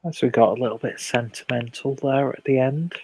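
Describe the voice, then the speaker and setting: Relaxed, sweary English man on a stream. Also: mid-range voice, brisk, breathy edge, low-quality recording. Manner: relaxed, rambling, sweary, reads viewer comments aloud. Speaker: host of a live beer review stream. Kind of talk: casual late-night live stream chat.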